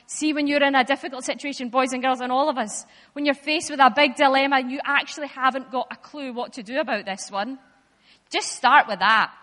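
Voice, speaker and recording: A woman giving a lively, playful Bible talk in church, speaking directly to the children. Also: high voice, fairly quick. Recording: echoey hall.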